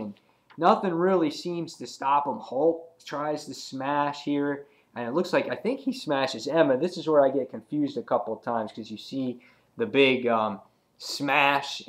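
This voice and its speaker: Brief: man with a mid-pitched voice, retelling a comic issue in a loose, filler-heavy way. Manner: rambling, filler-heavy retelling with acted quotes. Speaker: comic book reviewer. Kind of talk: casual recap of a comic issue.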